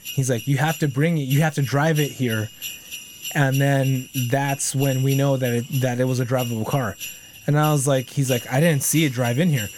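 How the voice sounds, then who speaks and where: A man's voice: mid-range voice, fairly even intonation, moderate pace. A man telling a long story in casual chat, swearing constantly and acting out the people he quotes. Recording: noisy background hiss.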